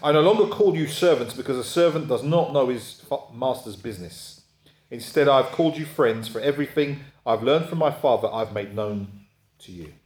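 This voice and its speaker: A man's voice: mid-range voice, normal speed, darkish tone. A man preaching a sermon, talking in a conversational way and often checking in with his listeners. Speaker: pastor. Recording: echoey room.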